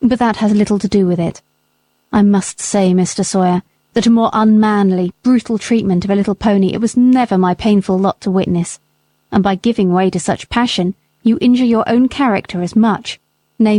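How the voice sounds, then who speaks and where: A woman voicing a stern, principled middle-aged gentleman in an audiobook, speaking in measured rebuke. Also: medium pitch, no room sound, natural voice. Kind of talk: audiobook character reading.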